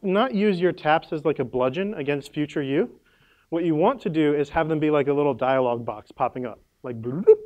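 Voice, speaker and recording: A man's voice: fairly high pitch, darkish tone. A man presenting at a conference workshop, casual and playful, with lots of "like" and "right?" and the odd sound effect.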